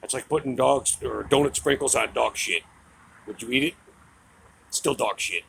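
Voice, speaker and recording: A middle-aged man vents in a heated, profane monologue, his voice thick with gravelly fry. He sits at an ordinary middle pitch, scornful and mocking. A faint background noise hangs under the recording. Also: moderate pace, a bit bright, low-quality recording. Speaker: political commentator. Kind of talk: angry political rant.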